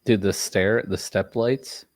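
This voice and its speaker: A man co-hosting a podcast, chatting casually and tossing in quick joking asides. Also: fairly low pitch, steady tone, dry recording. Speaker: podcast co-host. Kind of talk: casual chat.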